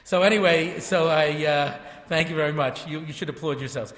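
A man's voice: a little high, fairly quick, a bit bright. A man around sixty, a rabbi telling jokey stories in a lecture to a live audience in a large hall, full of chatty asides and self-interruptions. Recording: echoey hall reverb.

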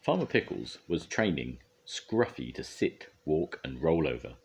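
An older man reads a children's storybook aloud, gentle and expressive. His voice is deep and a little husky, rising and falling with plenty of lilt. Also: a little slow, few pauses.

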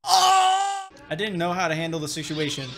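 A man hosting a meme reaction video in casual, excitable commentary, swearing and bursting into shouts. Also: fairly high pitch, very fast. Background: loud music from the clips.

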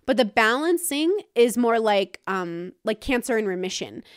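Woman, podcast host, frank casual monologue, somewhat high voice. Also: expressive, normal speed, clean tone, no echo, studio quality. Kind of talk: candid solo monologue.

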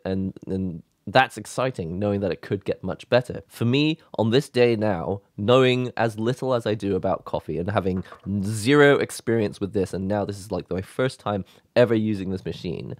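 Excited, rambling man with a low voice. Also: moderate pace, no room sound, clean studio sound. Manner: excited, rambling, with laughs and sighs. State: emotional. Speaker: YouTube host. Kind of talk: casual vlog talk.

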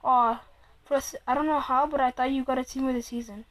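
A woman giving casual gameplay commentary while opening packs against a friend, excitable, swearing often and teasing the other player. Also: high voice, quick pace, no room sound, poor audio. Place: room at home, Android phone game.

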